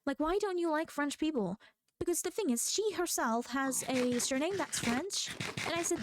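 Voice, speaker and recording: A woman's voice: high voice, lively intonation, fairly quick, dry recording. Rambling, chatty woman streamer. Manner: rambling, chatty, thinks aloud. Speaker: VTuber streamer. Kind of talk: casual chat while playing a game.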